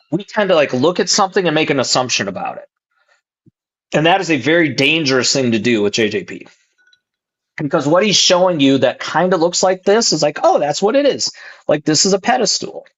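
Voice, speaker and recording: Tentative, lively speaker with a dull, lo-fi sound. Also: medium pitch. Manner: tentative, thinking aloud, hedging. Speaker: podcast co-host. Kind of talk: casual chat, analyzing a painting.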